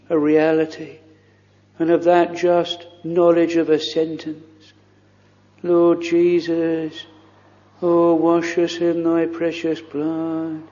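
A minister leads prayer from the pulpit, pleading earnestly in formal, old-fashioned language while keeping his slow words on a flat, even line. His mellow voice sits a bit higher than most men's, and the lo-fi recording has the long reverb of a church hall.

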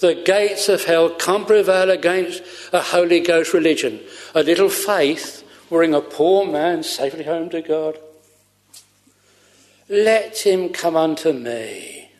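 A man's voice: on the high side, fairly even intonation, a little slow, hardly any pauses, long reverb tail. A man preaching a sermon fervently, repeating his phrases for emphasis.

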